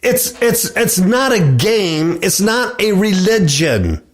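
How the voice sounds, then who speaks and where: Slow, animated male preacher. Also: sits high. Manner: slow, emphatic delivery, repeating words for effect. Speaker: preacher hosting a religious talk show. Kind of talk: preaching and reading scripture aloud.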